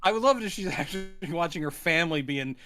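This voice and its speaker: A man's voice: fairly high pitch, animated, quick pace, sharp tone. A man co-hosting a casual movie podcast, playful, laughing often and improvising silly character bits. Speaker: podcast co-host. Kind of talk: casual movie-riff chat.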